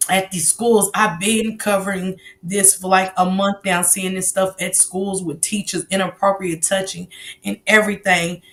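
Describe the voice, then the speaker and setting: A woman hosting a live-stream interview, speaking gently and encouragingly to her guest. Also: medium pitch. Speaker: host.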